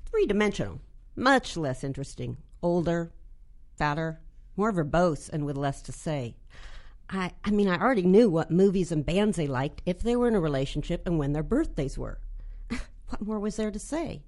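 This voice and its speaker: Low-voiced woman author, deadpan reader. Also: normal speed. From Los Angeles. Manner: deadpan reading, laughing in chat. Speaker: author and guest. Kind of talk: reading her short fiction, then interview chat.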